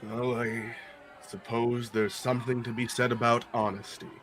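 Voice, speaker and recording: Measured man at the gaming table. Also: medium pitch, little pitch movement, a bit bright, a faint crowd. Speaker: player. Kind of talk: in-character table talk.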